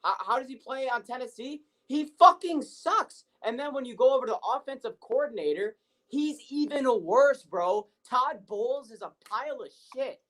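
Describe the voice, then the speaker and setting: A man's voice: extremely high pitch, a little fast, fairly bright tone, rough recording. A man co-hosting a sports podcast, ranting with heavy profanity and frustration. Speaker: podcast co-host. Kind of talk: heated sports rant.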